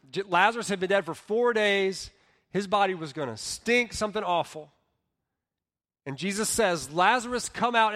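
Male pastor, sermon delivery that shifts soft to loud, a touch high-pitched. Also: long reverb tail. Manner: earnest preaching, swings between soft and loud, slows for emphasis. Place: church hall.

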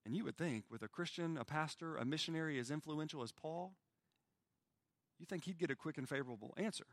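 A man preaching a sermon with earnest feeling, his voice sitting a little high for a man. He rises to urgent pleading, then drops to near-hushed quiet. The sound is close and dry. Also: brisk, no echo. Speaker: pastor.

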